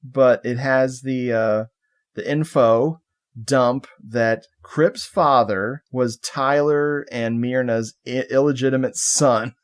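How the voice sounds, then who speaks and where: A man with a mid-range voice chats through a film recap on a podcast. He speaks from a video call, loose and amused, tossing in quick quoted lines. His delivery is casual and full of little laughs. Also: medium pitch, clear, resonant tone. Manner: relaxed, laughing, retelling scenes with quick put-on quotes. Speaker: podcast co-host. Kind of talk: casual movie recap chat.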